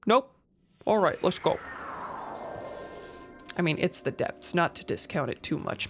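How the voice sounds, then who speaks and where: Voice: mid-range voice, expressive, normal speed, long pauses, bright, forceful tone, soft background music. A game streamer giving casual gameplay commentary, rambling, restarting sentences and chuckling often.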